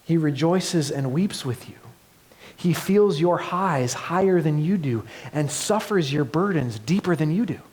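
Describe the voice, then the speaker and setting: A man preaching a sermon as pastor, earnest, moving between loud emphatic passages and soft hushed ones. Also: a little high, expressive, measured pace, breathy edge. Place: church.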